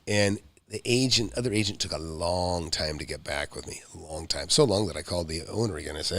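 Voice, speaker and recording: This middle-aged man, a real estate investor, is hosting a live show and spinning an animated, meandering story full of quick asides. He speaks in a low voice, captured in a dry recording.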